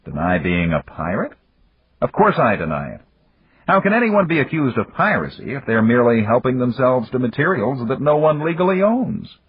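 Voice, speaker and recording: A man's voice: mid-range voice, very animated, moderate pace, slightly rough, pitched above the performer's own voice. Guy putting on a cocky businessman, teasing, huskier raised voice, dull dry recording. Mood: needling. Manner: breezy, needling, teasing. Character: brash confident male entrepreneur.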